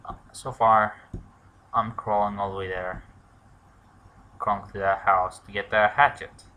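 A man mutters his way through a let's play in a lowish voice with a sharply bright, tense edge. He swears freely and breaks into shouts when danger hits. A faint noise sits under his voice. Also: steady tone, measured pace. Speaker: gamer.

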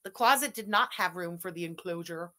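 Sarcastic woman host, bright voice. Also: on the low side, a little fast, a little hiss or hum. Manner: mocking, sarcastic. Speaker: commentary host. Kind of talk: reacting to a livestream.

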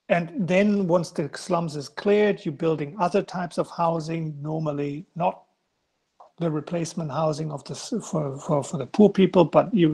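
Husky-voiced male guest lecturer. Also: a little high, darkish tone. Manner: hesitant, many restarts and fillers. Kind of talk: answering student questions in an online lecture. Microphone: video call.

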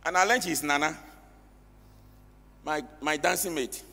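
A man's voice: fairly high pitch, a little slow, creaky, pushed and bright. A man, an elder preaching an emphatic sermon in a church and at times breaking into song. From Ghana. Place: church hall. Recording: reverberant church hall with music.

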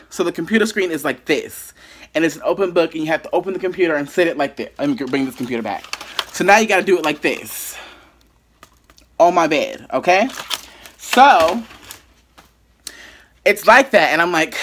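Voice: mid-range voice, expressive, normal speed, fairly bright tone. A YouTuber telling a dramatic story from their bedroom, with lots of asides to the viewers. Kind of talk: storytime vlog.

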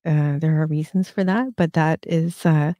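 A frank woman in her fifties hosts a casual live chat, rambling through her stories and laughing at herself. Her voice sits low and dark. The sound is dry and close. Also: steady tone, measured pace, no room sound. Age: 50s. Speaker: host.

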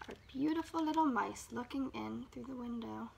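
Female children's librarian, raised pitch with vocal fry, sing-song read-aloud delivery. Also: slight background noise. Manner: slow, sing-song storytime delivery with drawn-out words. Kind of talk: reading a picture book aloud to children.

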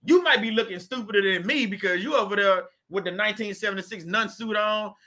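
A man's voice: high-pitched, fast, bright, forceful tone. A man hosting a casual, faith-based motivational talk, speaking in a colloquial, preachy way and repeating his points for emphasis. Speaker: host.

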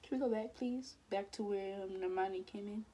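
A woman's voice: medium pitch, fairly quick, dark tone, breathy edge. A young woman hosting a music video reaction, gushing with effusive exclamations.

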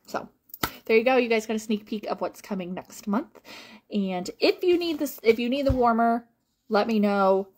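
A woman who works as a home-fragrance consultant, talking casually to viewers in a rambling, animated way with lots of fillers and repeated phrases. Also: a little high, moderate pace. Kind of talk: casual live-stream chat to viewers.

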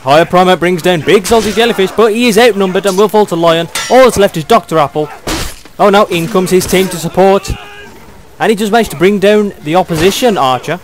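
A young British man doing excitable play-by-play commentary on a video game match, chuckling often. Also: high voice, a little fast, slight background noise.

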